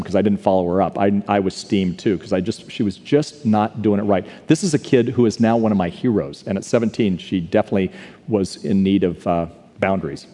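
A man's voice: fairly low pitch, dark tone. Man preaching in a big church hall. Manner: earnest, confessional, builds to repeated declarations. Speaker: speaker. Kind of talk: live sermon storytelling. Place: large church. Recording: live hall recording.

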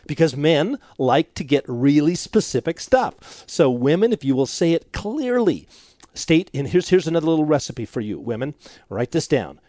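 A man speaking as a marriage counselor guest on a radio show, animated and acting out quoted couples. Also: on the high side, moderate pace, dry recording, clean studio sound. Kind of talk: radio interview conversation.

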